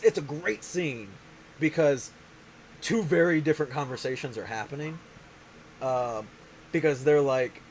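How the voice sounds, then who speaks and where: A man's voice: fairly high pitch, a little hiss or hum, low-quality recording. Rambling man in a casual chat. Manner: rambling, self-interrupting. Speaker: show host.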